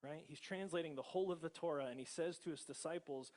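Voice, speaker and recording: Conversational American pastor, light chuckles. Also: male voice, a little high, quick pace, hardly any pauses, darkish tone. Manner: conversational, laughs often, many tag questions. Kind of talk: sermon.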